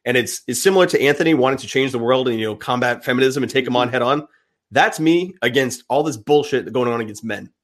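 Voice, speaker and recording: A man's voice: mid-range voice, fast. A young man speaking as an interview guest, fired-up and emphatic, with some swearing. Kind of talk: impassioned interview talk.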